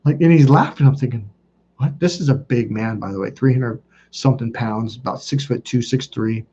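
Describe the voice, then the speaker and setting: A middle-aged man coaching on dating, telling a long anecdote in a loose, rambling way and swearing as he goes. His voice is dark and husky, and he pitches it up to act out the people in his story. The recording sounds dull and lo-fi. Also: normal speed. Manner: profane, rambling, acts out quoted voices. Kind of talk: casual storytelling monologue.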